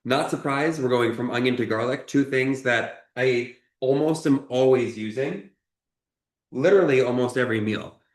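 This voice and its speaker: Reverberant and mid-range, the chef's voice moves at normal speed during this kitchen cooking demonstration. He explains each cut encouragingly and keeps checking in with "okay?".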